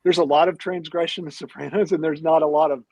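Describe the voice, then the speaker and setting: A man with a slightly raised voice talks through ideas as a podcast guest, pausing and repeating words as he goes. The sound is dry and close, with no room around it. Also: fairly high pitch, fairly even intonation, darkish tone, no echo, poor audio. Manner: thoughtful, many restarts and repeated words. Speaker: philosopher and author guest. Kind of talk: casual podcast conversation.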